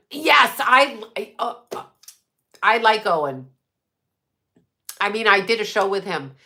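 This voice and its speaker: A woman of medium pitch, her voice pushed and bright, runs an informal livestream from a desk mic. She wanders through conspiratorial tangents, swears, and replies to the chat as it comes in.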